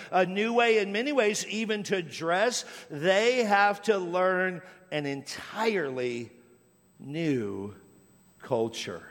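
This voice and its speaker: A man's voice: high voice, in a large hall. A middle-aged pastor from Washington State preaching a sermon, telling stories and repeating phrases as he builds a point. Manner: storytelling, repeats words when building a point.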